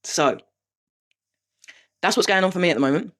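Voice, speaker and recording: A woman's voice: on the low side, expressive, moderate pace. A woman talking candidly to camera in a confessional vlog, frank and sweary, with rueful laughs. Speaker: vlogger.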